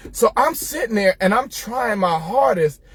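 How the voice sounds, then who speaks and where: High-voiced man telling a funny story. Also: measured pace, slightly rough, dry recording. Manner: animated, laughing, addresses listeners as y'all. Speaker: host. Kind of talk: casual storytelling monologue.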